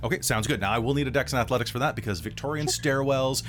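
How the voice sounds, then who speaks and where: A man's voice: medium pitch, fast talker, music in the background. Man running a tabletop game. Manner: relaxed, rambling narration with many fillers. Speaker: game master.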